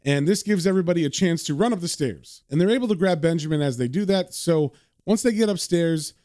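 Brief: casual male comic narrator, chatty, fairly high voice, dry sound. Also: expressive, a little fast, warm tone, no echo. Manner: chatty, with fillers. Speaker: comic book reader.

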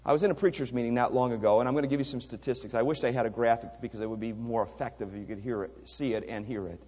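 A man's voice: mid-range voice, fairly even intonation, very fast, a little mellow, slightly rough. A man preaching a missions sermon, emphatic, asking rhetorical questions and repeating words as he goes. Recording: long hall reverb.

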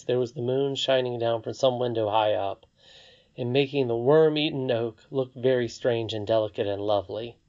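A narrator reading a fairy tale aloud with a measured, expressive delivery. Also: mid-range voice. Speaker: audiobook narrator. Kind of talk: storybook narration. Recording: slightly dull lo-fi recording.

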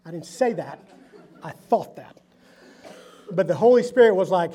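A man's voice: high-pitched, moderate pace, breathy edge. A middle-aged man, a company founder telling his faith story to a group and acting out the voices in it. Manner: animated storyteller acting out dialogue. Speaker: company founder sharing testimony. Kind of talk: storytelling talk to a live group.

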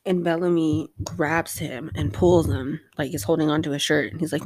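Low-voiced woman casually recapping a show. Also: fairly even intonation, moderate pace, hardly any pauses, darkish tone, dry recording, studio quality. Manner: rambling, filler-heavy, swears casually. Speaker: host recapping a TV episode.

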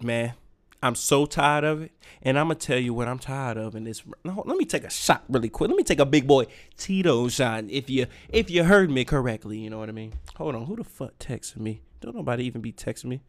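A young man, hosting a solo podcast and ranting in a profane, animated way with heavy slang. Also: medium pitch. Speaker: podcast host.

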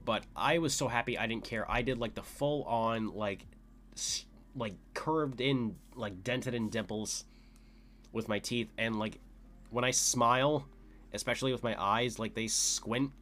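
Excitable young man telling a story. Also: measured pace. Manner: excitable, lots of "like" fillers, jumps to high pitch when quoting shouts. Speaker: podcast host. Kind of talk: casual storytelling monologue.

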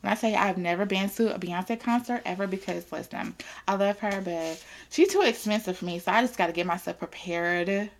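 Chatty woman with vocal fry. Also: medium pitch, brisk. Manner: animated, chatty, swears freely. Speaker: podcast host. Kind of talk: casual chat.

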